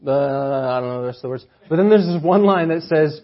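A man preaching a casual sermon in a church, chatty and full of "like," shifting from hushed awe to loud emphasis. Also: fairly high pitch, brisk. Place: church chapel. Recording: muffled lo-fi sermon audio.

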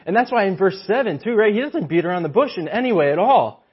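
A man's voice: high voice, lively intonation, fast talker, slightly rough, highs cut off. A man preaching a sermon with animation, often acting out mocking voices of the people he describes.

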